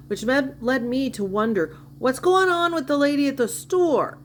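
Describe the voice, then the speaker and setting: Sarcastic woman with a high voice. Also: lively intonation, normal speed, hardly any pauses, slight background noise. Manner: sarcastic, mocking, incredulous. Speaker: commentator. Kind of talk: sarcastic reaction commentary.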